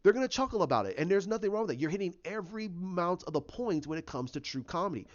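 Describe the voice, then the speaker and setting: An opinionated man ranting in a casual vlog. His voice sits a little high for a man. The recording is dull and lo-fi. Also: sing-song, fast talker. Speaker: YouTuber.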